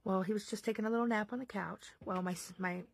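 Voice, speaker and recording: A woman's voice: mid-range voice, fairly even intonation, fast talker, gravelly. A woman in her thirties, a mother, telling a story in a rambling way full of fillers and self-corrections. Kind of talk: casual storytelling.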